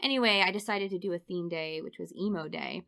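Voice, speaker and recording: A woman in her thirties, a podcast guest, telling funny stories in an animated way and laughing often. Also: lowish voice, a little fast, vocal fry. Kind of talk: casual storytelling interview.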